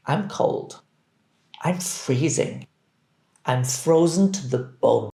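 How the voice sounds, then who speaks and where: A man teaching English, reading phrases deliberately and clearly so that learners can repeat them. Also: on the high side, expressive, warm tone. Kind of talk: scripted language drill. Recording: roomy echo.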